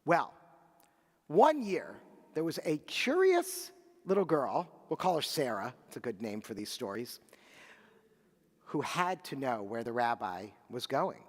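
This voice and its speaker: A man leading a service tells a story in a lively, animated way, turning aside to speak to the children. His medium-pitched voice rolls out into the long reverb of a large sanctuary. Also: measured pace. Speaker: clergy leading Shabbat services. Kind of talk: storytelling sermon and liturgy.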